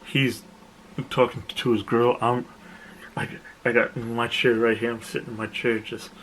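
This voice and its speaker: A man's voice: medium pitch, unhurried, slight background noise, low-quality recording. A young man casually telling a camp-out story, cursing and acting out what people said. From South Jersey, USA. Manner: animated, profane, acts out other people's lines. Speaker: vlogger.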